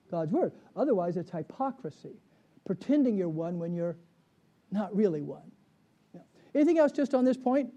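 A man's voice: high-pitched, warm tone, highs cut off. A man, a pastor, leading a conversational Bible study, often checking in with the class with questions.

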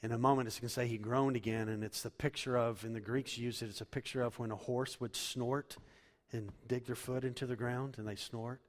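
A man preaching a sermon as pastor, swinging from loud, emphatic lines to hushed, quiet ones. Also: medium pitch, fairly even intonation, a little fast. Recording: long hall reverb.

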